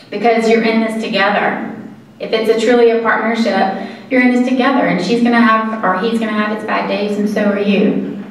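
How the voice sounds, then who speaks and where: A woman's voice: on the high side, steady tone. Echoey woman lecturing from afar. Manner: conversational, earnest, halting pauses. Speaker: caregiving presenter. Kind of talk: informal lecture to an audience. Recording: echoey room from far mic.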